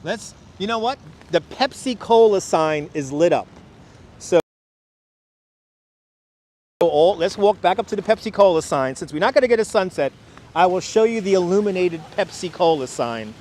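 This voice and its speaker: A chatty Brooklyn man with a high voice hosts a live walking stream from a city waterfront, greeting viewers by name and joking with the chat. A clip-on wireless mic keeps his voice close, with faint traffic and city hum behind him. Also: expressive, normal speed, pauses often, darkish tone. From Brooklyn, New York. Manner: chatty, reads out viewer names and jokes with chat.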